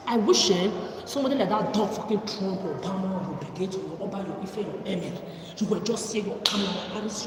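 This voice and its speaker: A woman ranting on a livestream, confrontational and accusing, firing off rhetorical questions. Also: medium pitch. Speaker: livestream host. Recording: echoey room from far off with loud background noise.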